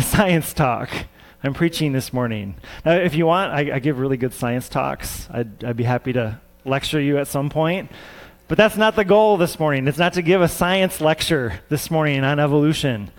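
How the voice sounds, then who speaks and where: A man preaching a sermon as a scientist, earnest and repeating words for emphasis. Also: a little high.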